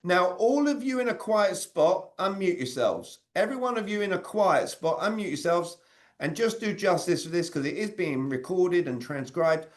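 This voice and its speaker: A man, leading an interactive sales communication training over a video call and quizzing his audience. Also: sits high. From Britain. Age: 40s. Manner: energetic, quizzes the audience with quick questions.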